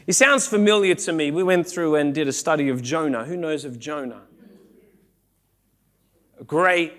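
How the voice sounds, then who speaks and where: A male pastor preaching a sermon in a church, animated, acting out the people he quotes and rising to shouts. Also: fairly high pitch. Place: church sanctuary.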